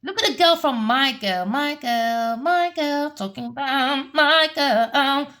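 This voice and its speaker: A woman rants through a tarot reading, her fairly high voice heated and full of curses. She repeats herself and scolds the people she talks about. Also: slow pace, fairly bright tone. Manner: heated, cursing, repetitive. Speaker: tarot reader.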